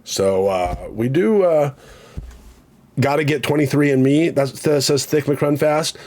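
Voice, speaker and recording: A man's voice: a little high, a little slow, a little mellow. A man streaming casually, rambling and joking about himself, swearing freely and reading out chat comments.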